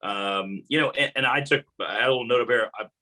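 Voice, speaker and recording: Fast, bright-voiced man telling stories. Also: mid-range voice, poor audio. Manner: rambling, anecdotal, many fillers. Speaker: guest, motorsport announcer. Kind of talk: casual interview talk.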